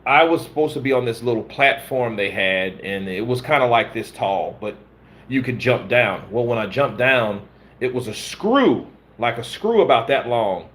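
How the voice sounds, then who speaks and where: A man's voice: medium pitch, lively intonation, moderate pace, a bit bright. A man from the American South, a stunt performer, chatting casually and telling profane, rambling stories. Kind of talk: casual chat.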